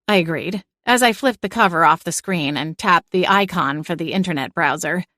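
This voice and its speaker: A woman giving an expressive first-person audiobook narration into a studio microphone. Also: lowish voice, moderate pace, hardly any pauses, no echo.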